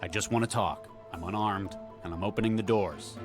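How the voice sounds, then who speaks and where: This is a composed male game character, a doctor talking a suspect down in a low, steady Texan drawl, voiced by a man. His delivery is measured and persuasive, and a game score plays clearly behind him. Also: natural voice. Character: calm middle-aged male negotiator doctor. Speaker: negotiator doctor. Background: game music.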